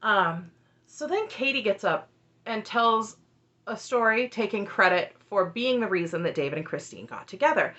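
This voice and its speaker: A woman's voice: mid-range voice, normal speed, highs cut off. A woman in casual commentary recapping a reality show, laughing often and acting out what people said. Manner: animated, laughs often, acts out quotes.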